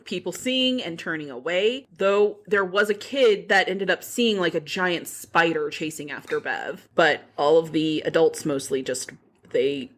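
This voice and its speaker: A woman's voice: fairly low pitch, a bit bright. A woman podcast host recapping a book in casual chat, frank and profane.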